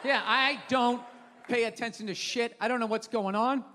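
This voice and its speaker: A man doing a stand-up comedy set on stage, ranting and swearing and shouting his punchlines. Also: extremely high pitch, steady tone, moderate pace. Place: live comedy venue stage. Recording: reverberant live hall with crowd noise. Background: audience laughter.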